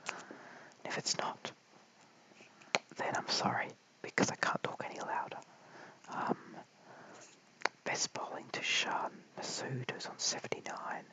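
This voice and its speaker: An Australian man giving whispered cricket commentary late at night at home, mic held very close, hushed and apologetic as he chats with viewers. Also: measured pace, pauses often, rough recording. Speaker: live stream cricket commentator. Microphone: held very close to the mouth.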